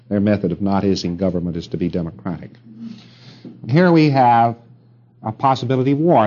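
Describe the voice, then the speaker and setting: Brief: middle-aged male lecturer, low and mellow, rambling and wry, old muffled tape. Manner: rambling, wry asides, rhetorical questions to the room. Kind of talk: recorded lecture to an audience.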